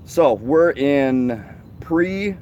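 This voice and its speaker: A man's voice: on the high side, animated, very slow, darkish tone, dull audio, a little hiss or hum. Chatty man on a live fishing stream. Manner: asks questions, chatty and loose. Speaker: fishing show co-host. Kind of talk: casual live-stream chat. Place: outdoors on a river at night.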